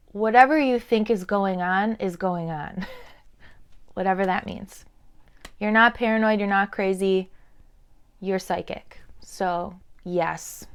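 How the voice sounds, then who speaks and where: A chatty woman in her thirties gives an oracle card reading, wandering from thought to thought with a smooth, clear voice. She talks loosely to the viewer and now and then drops into a soft murmur. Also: medium pitch. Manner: chatty, meandering, with fillers and laughs. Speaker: tarot and oracle card reader. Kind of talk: intuitive card reading to camera.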